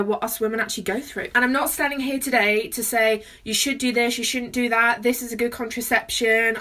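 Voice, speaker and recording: Young woman, bright tense voice, nervous and chatty, phone mic set a little away. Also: fairly high pitch, far from the mic. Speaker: vlogger. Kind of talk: personal vlog.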